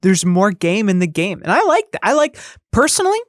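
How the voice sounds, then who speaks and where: A woman's voice: mid-range voice, very animated, no room sound, studio quality. Rambling woman guest on a podcast. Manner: quick, rambling, with many fillers. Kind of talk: casual chat reviewing games.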